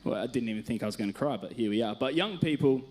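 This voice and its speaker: A man's voice: mid-range voice, expressive, fast, darkish tone, slight background noise. An Australian man, a youth worker, telling stories in a casual sermon on a church stage, chatty and self-mocking, laughing often.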